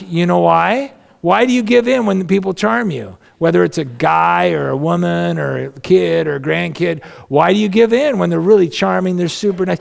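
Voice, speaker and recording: Gravelly, folksy male pastor. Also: sits high, normal speed, hardly any pauses. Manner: conversational and folksy, with humorous asides. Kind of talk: sermon.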